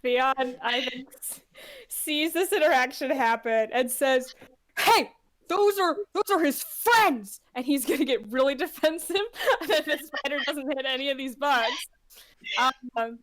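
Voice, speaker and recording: High-voiced, flustered woman player. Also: a little slow, fairly bright tone. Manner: apologetic, flustered. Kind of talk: casual tabletop game play.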